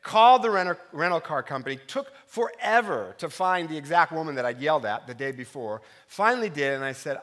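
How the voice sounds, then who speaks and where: A middle-aged man, a pastor, preaching a sermon full of personal stories, swinging from loud punchlines to soft, quiet reflection. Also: a little high, animated, a little fast, hardly any pauses. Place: church sanctuary.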